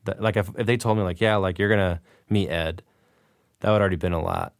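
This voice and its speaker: A man's voice: low-pitched, fast, no echo, clean studio sound. A man on a podcast, animatedly recounting a story and acting out the dialogue. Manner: excited, animated retelling with quoted dialogue. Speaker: podcast guest. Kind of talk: casual storytelling.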